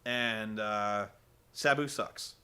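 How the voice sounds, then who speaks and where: A man's voice: on the low side, extremely slow, sharp tone, clear, resonant tone. A man giving a sarcastic, rambling, profane comedic recap of a show as host.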